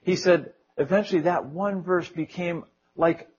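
Guy preaching a sermon, earnest and chatty, kinda higher voice, muffled lo-fi sound. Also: measured pace, darkish tone. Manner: earnest, conversational, with small jokes and prayed quotes.

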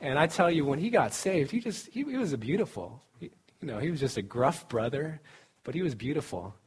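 A man's voice: fairly high pitch, sing-song, fairly quick, darkish tone, husky. A middle-aged man giving a casual, joking sermon at a student camp, often laughing as he speaks. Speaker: campus ministry speaker.

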